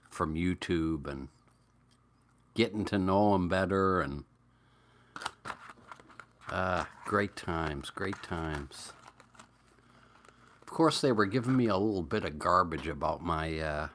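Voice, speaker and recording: A middle-aged man with a New England accent, rambling through stories and greeting viewers on a relaxed live chat. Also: very deep voice. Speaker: livestream host.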